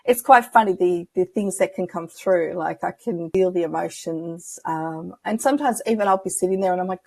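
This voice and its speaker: A woman's voice: lowish voice, moderate pace, vocal fry, darkish tone, dry recording. A woman guest on an interview show, a spiritual medium telling personal stories in a chatty, reflective way and acting out the dialogue she remembers. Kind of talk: casual interview storytelling.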